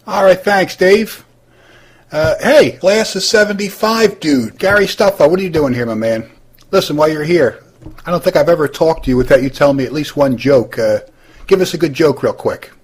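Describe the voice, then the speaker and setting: A man's voice: fairly high pitch, normal speed, slightly rough. A man hosting a comedy roast, interviewing classmates with lots of hesitant fillers.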